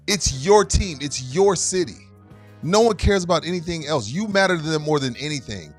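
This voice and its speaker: A man's voice: fairly high pitch, expressive, normal speed, faint music behind. A man co-hosting a sports podcast, ranting incredulously with profanity and rhetorical questions. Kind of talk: animated rant, casual chat.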